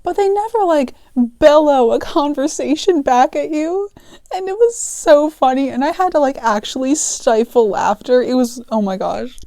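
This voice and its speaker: A woman's voice: sits high, animated, normal speed, mellow, no room sound, studio quality. Giggly chatty teenage girl. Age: teens. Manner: chatty and giggly, often laughing mid-sentence. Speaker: art channel host telling work stories. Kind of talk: casual storytime vlog.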